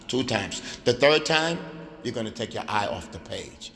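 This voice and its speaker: A man's voice: on the low side, lively intonation, moderate pace, vocal fry, fairly bright tone. Emphatic male teacher in a reverberant hall. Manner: emphatic, repetitive, drills phrases aloud. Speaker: Arabic teacher. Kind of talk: lecture in a mosque. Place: mosque hall.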